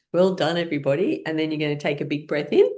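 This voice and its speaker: A woman with a low voice leads a laughter class. She guides the group through breathing and tapping in a cheerful way and breaks into laughing sounds between her instructions. Her delivery is encouraging and playful. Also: warm tone. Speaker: laughter yoga teacher.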